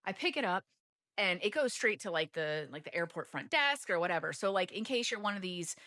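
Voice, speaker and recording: A woman's voice: lowish voice, animated, a little fast, pushed and bright. An American woman guesting on a podcast, telling a travel story in a chatty way, full of "like", and acting out her own past lines dramatically. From United States. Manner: chatty, peppers speech with "like".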